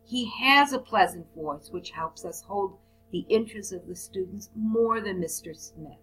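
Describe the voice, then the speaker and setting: A woman's voice: medium pitch, a little slow, fairly bright tone, poor audio. Woman, English teacher, recorded lesson, reads example phrases then explains them, faint music behind. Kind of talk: recorded lesson on report writing.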